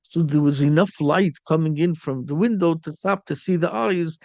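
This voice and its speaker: High gravelly middle-aged rabbi preaching. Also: male voice, normal speed, darkish tone, no echo. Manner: storytelling sermon peppered with Yiddish and Hebrew terms. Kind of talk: sermon.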